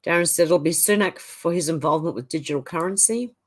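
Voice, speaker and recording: Reading out live chat comments and reacting in a chatty, casual way, an Australian livestream host speaks fast in a lowish voice.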